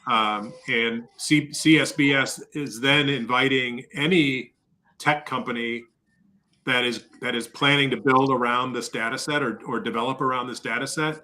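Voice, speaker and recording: A man's voice: mid-range voice, steady tone, normal speed, pushed and bright, low-quality recording. A man who is a guest on a podcast, casually explaining details step by step in an upbeat way. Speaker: podcast guest, industry leader.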